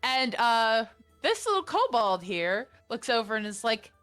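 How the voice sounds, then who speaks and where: A woman's voice: fairly high pitch, sing-song, measured pace, fairly bright tone, soft background music. A woman narrating as game master, casual and swearing a lot. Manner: casual, swearing, voices the figures. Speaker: dungeon master.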